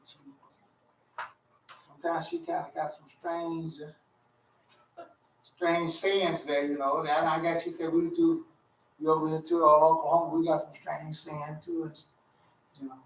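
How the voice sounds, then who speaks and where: A man leads a Torah study as an informal sermon, speaking in a folksy, conversational way and repeating himself as he explains. His voice is a little high with little pitch movement, he's unhurried with long pauses, and the distant mic gives a roomy sound.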